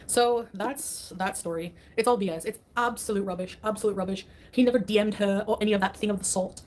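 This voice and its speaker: Woman, livestreamer, rapid talk, scoffing, dismissive, faint noise behind. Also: mid-range voice, darkish tone. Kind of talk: casual livestream chat.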